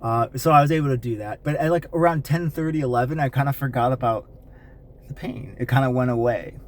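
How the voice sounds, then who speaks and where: A man's voice: mid-range voice, fairly quick. A man talking candidly to camera in a casual personal vlog, rambling with frequent fillers and restarts. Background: faint rain.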